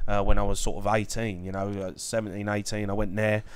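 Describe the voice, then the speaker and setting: A man, a professional footballer, speaking as a podcast guest in a relaxed way full of fillers. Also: on the low side, fairly quick, slight background noise. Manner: relaxed, many fillers like "you know". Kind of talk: casual interview chat.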